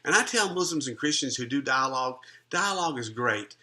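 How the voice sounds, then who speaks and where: Bright-voiced man telling an earnest story. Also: mid-range voice, expressive, a little fast. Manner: earnest, conversational, many restarts. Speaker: Christian minister and life coach. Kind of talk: personal testimony storytelling.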